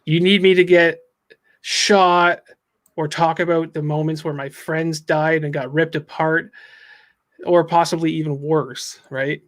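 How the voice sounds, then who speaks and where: A man's voice: on the high side, level tone, a little slow, a bit bright. A man voicing a traumatized teenage boy who speaks in a wry, bitter way.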